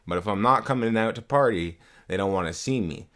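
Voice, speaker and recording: A man's voice: lowish voice, a little fast, fairly bright tone. A young man chatting casually on a live stream, swearing often and repeating himself, into a desktop mic at home. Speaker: livestreamer. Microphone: desktop USB mic.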